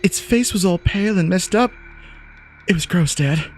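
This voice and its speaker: A man's voice: high-pitched, moderate pace, a little mellow, a little hiss or hum. A man voicing a seven-year-old girl with a childish, breathless way of telling things in a storybook reading. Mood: spooked. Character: little girl, about seven, scared.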